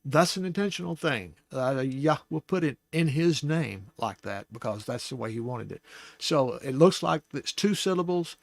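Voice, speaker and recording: A man hosting a Bible study, teaching casually and thinking aloud, with restarts and soft laughs. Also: mid-range voice, expressive, normal speed, vocal fry, dry recording.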